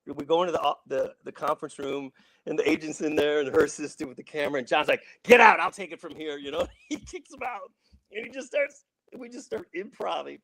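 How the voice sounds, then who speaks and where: A man's voice: a little high, quick pace, fairly bright tone, low-quality recording. A middle-aged man from Saint Louis, an actor guest telling rambling stories with many restarts and acted-out quotes. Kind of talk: casual storytelling.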